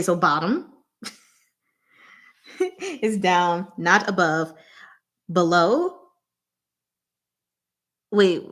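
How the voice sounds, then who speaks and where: Slow, deliberate woman hosting a livestream. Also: lowish voice, a bit bright. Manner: gives word clues in slow, deliberate fragments, laughs often. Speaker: channel host running a livestream game. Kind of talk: casual livestream chat.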